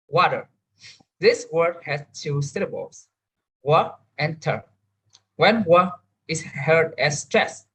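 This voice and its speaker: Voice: medium pitch, breathy edge, poor audio. A young adult student giving a careful class presentation, with frequent restarts. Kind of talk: class presentation on English word stress.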